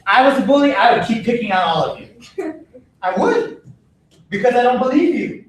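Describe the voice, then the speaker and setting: Recorded distantly in a reverberant gym with slight background noise, a man leads kids through self-defense martial arts, issuing firm instructions again and again. His voice is extremely high, with lively intonation and a normal pace.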